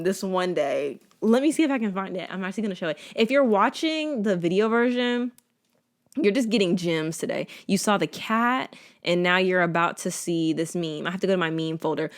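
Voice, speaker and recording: A woman in her twenties hosting a casual solo podcast, chatty and sarcastic, with a playful, filler-heavy way of talking. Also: on the low side. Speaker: podcast host.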